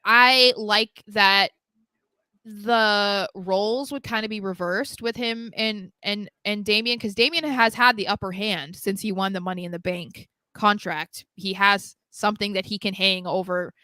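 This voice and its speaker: A woman co-hosts a casual podcast chat, talking freely and often stumbling into fresh starts. Her voice is bright and smooth. The sound is dry and close, as from a podcast mic. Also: medium pitch, a little slow, dry recording. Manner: chatty, restarts sentences often. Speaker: podcast co-host.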